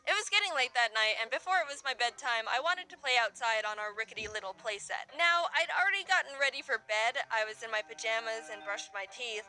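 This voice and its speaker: Young woman, comedic storytelling, wry, animated, higher voice, faint music behind. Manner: animated, wry, puts on quick character voices.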